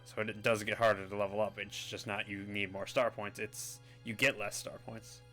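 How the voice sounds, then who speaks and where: A man's voice: fairly low pitch, flat delivery, moderate pace, bright, forceful tone, soft background music. A man giving chatty, rambling commentary while playing a video game. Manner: chatty, rambling, self-amused. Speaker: gaming video host. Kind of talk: casual let's-play commentary.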